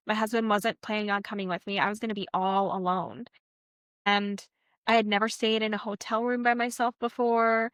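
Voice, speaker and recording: A woman's voice: mid-range voice, fairly even intonation, moderate pace, fairly bright tone, smooth, dry recording. Woman, vet tech podcast co-host, candid reflective chat, dry close sound. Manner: candid, earnest storytelling; reflective, encouraging. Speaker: veterinary technician.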